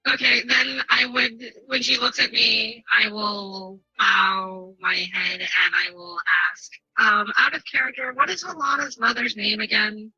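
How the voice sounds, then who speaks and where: A woman's voice: fairly high pitch, fairly even intonation, measured pace, hardly any pauses, bright, forceful tone, husky, no echo, lo-fi sound. A woman playing a tabletop game over voice chat, talking hesitantly and asking out-of-character questions. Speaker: player. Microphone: online voice call.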